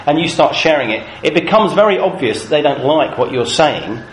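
A British man leads a training session for Christian youth workers, telling stories with an animated, swinging delivery. His voice sits a little high and ranges widely in pitch. He is heard in an echoey room with a faint hum of ambience behind him. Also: normal speed. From Britain. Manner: lively, animated storyteller.

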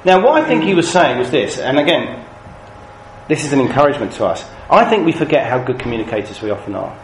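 Lively British man teaching in an echoey room. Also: mid-range voice, fast talker, a little hiss or hum. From Britain. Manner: lively, animated storyteller. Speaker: Christian youth worker trainer. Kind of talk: training session talk. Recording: echoey room, faint ambience.

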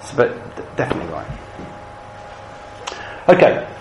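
A British man leading a training session for Christian youth workers, talking in a lively, animated storytelling way. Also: moderate pace, background noise. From Britain. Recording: echoey room, faint ambience.

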